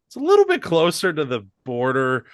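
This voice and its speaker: A man's voice: fairly high pitch, wildly swooping pitch, fairly quick, no room sound. Dry-voiced man cracking wry jokes. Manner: dry, wry, swears casually. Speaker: podcast co-host. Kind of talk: casual comedic chat.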